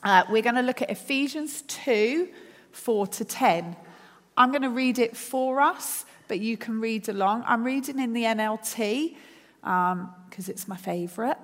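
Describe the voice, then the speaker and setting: A woman preacher with a slightly high voice delivers a sermon, stacking phrase after phrase to build her point. Her earnest tone rings out with a long reverb that hangs in the church hall. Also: unhurried. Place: church service.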